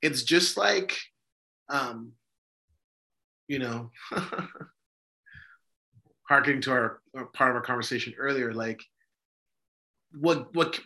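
A bright, clear-toned man talks as a priest in a relaxed faith discussion. He is emphatic and a little preachy, circling back with fillers and restarts. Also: medium pitch. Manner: emphatic, preachy, self-interrupting with many fillers. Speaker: Orthodox priest and podcast host. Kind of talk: casual religious discussion.

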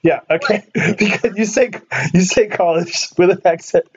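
High-voiced teasing man from California. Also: moderate pace, breathy edge, dull audio. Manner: chatty, teasing, laughs a lot, many restarts. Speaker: podcast host. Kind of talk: casual chat.

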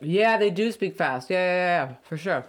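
Lively, laughing woman chatting casually. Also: fairly low pitch, normal speed. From South Florida. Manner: animated, laughs often, spells words out letter by letter. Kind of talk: casual chat.

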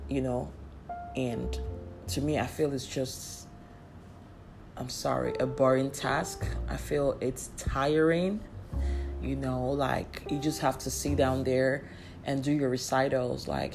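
Sassy low-voiced woman. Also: measured pace. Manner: chatty and sassy, laughs often. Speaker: vlogger. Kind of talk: casual storytelling. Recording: faint music underneath.

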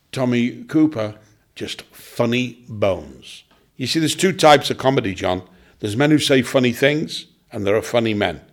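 An older man talks about the comics he worked with, with the easy timing of a seasoned entertainer. He tells anecdotes and breaks into short character voices to land a point. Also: fairly low pitch. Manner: anecdotal, slips into quick comic impressions. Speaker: veteran comedian guest. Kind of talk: reminiscing casual chat.

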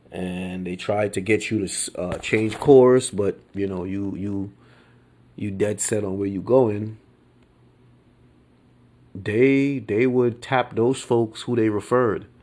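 With a fairly low pitch and dark tone, an American man airs his opinions as a podcast host. He speaks slowly and loosely, full of filler words, restarts, and easygoing slang.

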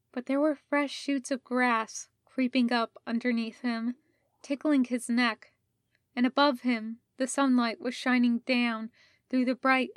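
A woman reading fan fiction aloud as an audiobook, in a measured, soft-spoken storytelling voice. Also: on the high side, no room sound, clean studio sound. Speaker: audiobook reader.

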